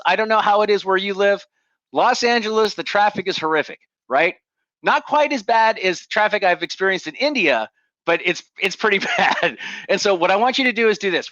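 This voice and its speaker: A man giving an energetic motivational talk to leaders, coaching the audience through exercises. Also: high-pitched, no room sound, lo-fi sound. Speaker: leadership speaker.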